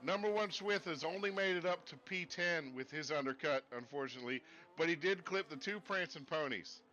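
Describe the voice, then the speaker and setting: Here the same sort of sim racing commentator talks a little fast in a slightly high, sharp voice, putting on a Southern US drawl and wandering into folksy jokes. He's streaming from a desk setup with screens, and the recording is muffled with faint hiss or hum.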